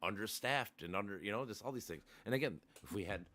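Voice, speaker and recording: A man's voice: on the low side, animated, fast, sharp tone. A man in casual chat, talking in a rambling, profane way with many restarts. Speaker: podcast host.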